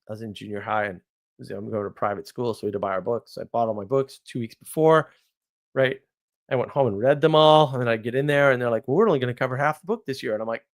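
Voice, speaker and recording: An American man in his forties telling rambling stories in a casual monologue, sarcastic, with mock outrage and animated asides. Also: medium pitch. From United States. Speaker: podcast host.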